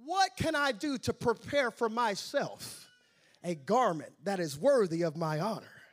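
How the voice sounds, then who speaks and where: A man's voice: high-pitched, lively intonation, a little slow. A man voicing a boastful, scheming male royal advisor who rambles and fusses over details while telling a story in a sermon. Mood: smug. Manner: rambling, self-important, fussy over details.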